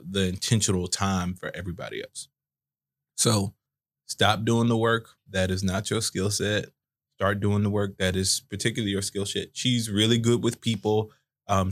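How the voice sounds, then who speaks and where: A man in his thirties co-hosting a casual podcast, explaining his points with analogies. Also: fairly low pitch. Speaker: podcast co-host. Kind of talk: casual chat.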